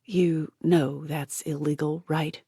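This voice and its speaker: A woman reading an audiobook, voicing a tired, laconic grown man who answers in short, flat replies. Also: deep voice, takes it slowly, breathy edge, no room sound, clean studio sound, full character voice. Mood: dry.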